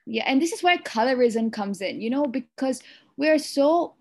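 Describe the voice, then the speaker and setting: Her voice sits high and sounds animated, with a darkish tone and normal speed. The young host of a casual podcast, she speaks Malaysian English with a Eurasian tinge, talking earnestly in long runs full of "you know"s.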